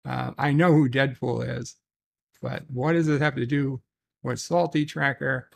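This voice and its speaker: A man hosting a casual solo livestream, reading viewer messages aloud slowly and haltingly, with restarts and muttered asides. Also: mid-range voice, steady tone, creaky.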